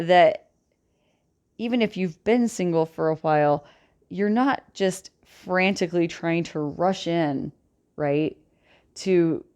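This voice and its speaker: A woman's voice: fairly low pitch, a little mellow. A woman giving a casual tarot reading, chatty and rambling, with a light Southern drawl that slips in. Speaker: tarot reader.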